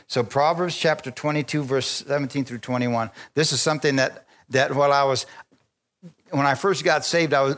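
A man preaching a sermon, telling stories with lively energy, stopping often to restart phrases and calling for amens. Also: medium pitch. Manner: animated storytelling with frequent restarts and calls for amen.

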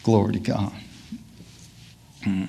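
A man's voice: lowish voice, slow, creaky, a little hiss or hum. A man preaching a sermon to a congregation, often calling out hallelujah and amen, asking his listeners questions and laughing as he goes. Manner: call-and-response asides, frequent hallelujahs and laughs; acts out scripture scenes in lively voices.

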